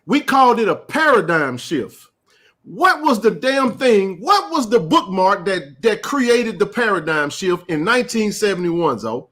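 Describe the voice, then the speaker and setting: A man hosting a live sports chat, ranting with passion and rising to shouts. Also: sits high, big pitch swings, measured pace. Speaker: sports talk show host.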